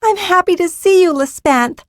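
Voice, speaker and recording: An eager young girl bubbles with excitement in a high, bright voice, as a woman reads her part. Dry and close, the audiobook keeps the voice upfront. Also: normal speed, dry recording. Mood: happy. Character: eager, cheerful young girl dragon rider.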